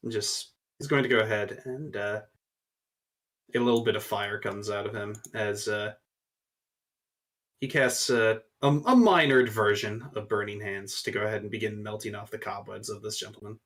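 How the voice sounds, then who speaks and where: A man with a lowish voice narrates his character's moves at a tabletop game. He talks haltingly, stopping for fillers as he goes. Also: a bit bright. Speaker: player. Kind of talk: tabletop role-play.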